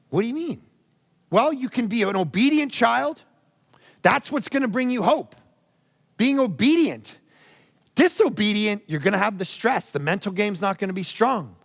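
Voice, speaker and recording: A pastor with a Canadian accent delivers a sermon in a raised, gravelly voice. He is animated and playful, slipping into whining impressions to make his point. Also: high-pitched, normal speed, pauses often, long reverb tail. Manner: animated, acts out whiny voices and jokes.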